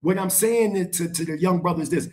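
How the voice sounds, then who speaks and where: A middle-aged man holds forth in a heated live-stream debate, with a notably high voice for a man. He lectures forcefully and drives each point home by repeating it. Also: a little fast. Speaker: guest speaker on a live stream.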